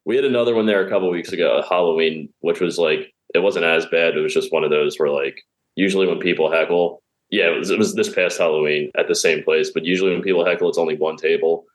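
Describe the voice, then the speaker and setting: A man's voice: low-pitched, steady tone, fast talker. A man telling comedy stories in a casual chat, often laughing as he talks. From Pennsylvania. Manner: laughs through his stories. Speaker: stand-up comedian guest.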